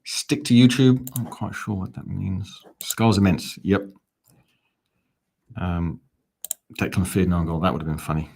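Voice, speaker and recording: Football fan host, male, deep voice, chatty live-stream commentary, reads the chat with wry asides. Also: a little slow, vocal fry, a little mellow.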